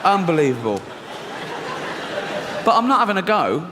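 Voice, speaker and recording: A man's voice: high voice, very animated, moderate pace, over a noisy crowd, heavy background noise. An English man doing a stand-up routine, telling a story in a brash, profane, mock-incredulous way. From England. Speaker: stand-up comedian. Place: live comedy venue. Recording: live stage recording in a reverberant hall with audience ambience.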